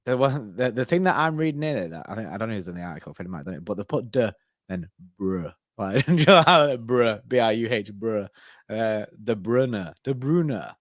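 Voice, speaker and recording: Animated young man, dry sound. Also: fairly low pitch, brisk, dry recording. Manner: animated, laughs often, lively bursts. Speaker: co-host of fan live stream. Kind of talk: casual chat.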